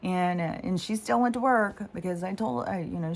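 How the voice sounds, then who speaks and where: A woman with a voice on the low side speaks at a moderate pace, barely pausing, from her home near mountains in Washington State. A spiritual vlogger, she delivers a casual spiritual monologue, rambling and interrupting herself as she tells a story.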